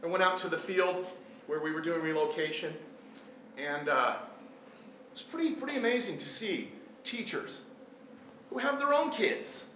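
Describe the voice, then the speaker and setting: A middle-aged male teacher and event speaker tells a personal story to a live audience, earnest and self-deprecating. His voice is high and bright with lively intonation, a forceful tone, normal speed and frequent pauses. The recording comes from a large, echoey hall with faint room noise.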